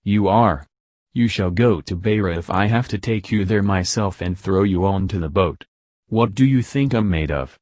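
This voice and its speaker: A man's voice: low voice, normal speed, darkish tone, dry recording, clean studio sound, close to an everyday voice. A man reading the part of a brooding, hunted young man in an audiobook, with an impassioned, pleading delivery. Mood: anguished.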